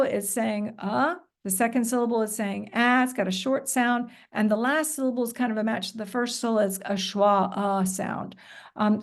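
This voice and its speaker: A woman's voice: a little high, darkish tone. Woman modeling a vocabulary lesson. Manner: models classroom call-and-response, patient and encouraging. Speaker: teacher trainer. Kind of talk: professional development presentation. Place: recorded presentation.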